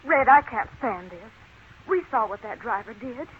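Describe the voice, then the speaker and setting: A spirited young ranch woman, voiced by an actress in a 1940s radio western. Her high voice is lively and outspoken. The broadcast sounds thin, tinny and faintly hissy. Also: moderate pace, lightly acted. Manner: impatient, outspoken.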